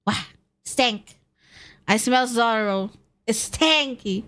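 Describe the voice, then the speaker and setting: A woman's voice: mid-range voice, slow. A young woman streamer, chatting casually in slang and laughing often. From Philippines. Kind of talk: casual live-stream chat.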